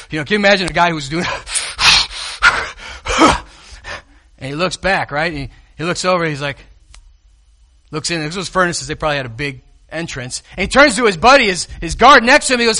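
A man preaching a sermon, animated, dropping from loud exclamations to hushed tones and acting out scenes from scripture. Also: sits high. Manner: acts out biblical scenes in voices.

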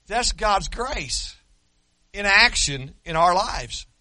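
With a high, expressive voice and a slow delivery, an older pastor jokes his way through a folksy sermon that climbs to fervor. He's yelled so much he's losing his voice, and the sound has no echo.

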